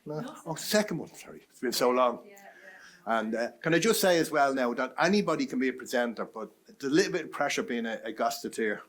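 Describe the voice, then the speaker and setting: A man chairing a session at a live event. He banters in a light, jokey way between talks and keeps things moving, and his voice sits at an ordinary middle pitch. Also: lively intonation, a little fast, a bit bright. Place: conference room.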